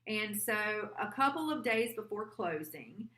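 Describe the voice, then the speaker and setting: A woman's voice: medium pitch, lively intonation, a little slow, a bit bright, echoey room. A real estate agent, a woman, telling an earnest personal story, a little teary at times. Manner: heartfelt, earnest, quotes her client aloud.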